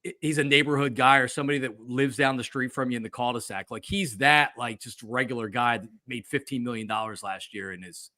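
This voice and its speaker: With barely a pause, this podcast host, once a sports radio personality, chats casually about sports, acting out quotes and dropping fillers through lively stories. He speaks fairly quickly at medium pitch, with no room sound in the recording.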